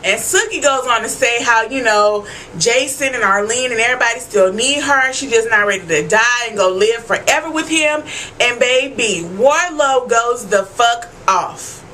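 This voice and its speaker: Bright-voiced woman doing a slangy recap. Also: fairly high pitch, moderate pace, slight background noise, poor audio. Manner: animated, slangy, talks straight to viewers; loud asides and frequent swearing. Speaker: vlogger. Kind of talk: casual TV episode recap.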